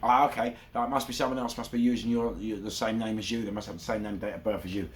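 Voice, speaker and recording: A man's voice: fairly low pitch, steady tone, fast talker, close to an everyday voice. A London man imitating a prying probation officer. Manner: polite, questioning.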